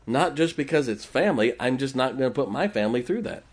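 A man's voice: mid-range voice, lively intonation, fast talker, breathy edge. A man preaching a conversational sermon in a folksy way, often laughing as he talks.

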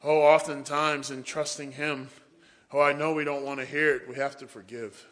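A man's voice: a little high, flat delivery, normal speed, fairly bright tone. A man preaching a sermon, telling folksy stories and often saying "boy".

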